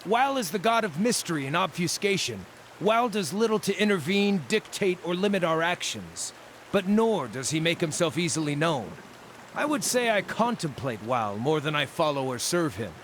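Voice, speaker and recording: A gleeful little meat-eating druid. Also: male voice, on the high side, moderate pace, a little hiss or hum. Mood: musing. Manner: jovial and relishing, lively sing-song delivery. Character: cheerful small male Orlan druid, gleefully eating raw meat. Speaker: game character. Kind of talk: video game dialogue. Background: game music.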